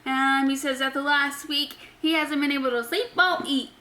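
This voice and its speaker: Bright, high-voiced woman recapping casually. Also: fairly even intonation, normal speed, low-quality recording. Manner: chatty, frequent ums, offhand personal opinions. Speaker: wrestling show recap host. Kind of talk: casual spoken recap of a wrestling episode.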